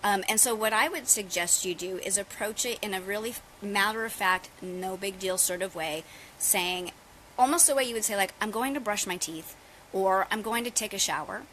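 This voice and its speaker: A middle-aged woman yoga teacher talking casually to her viewers about her practice, chatty and relaxed. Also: mid-range voice, moderate pace, slight background noise, rough recording. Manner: chatty, relaxed, addresses viewers as "you guys". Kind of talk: casual live-stream yoga talk. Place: outdoors on holiday.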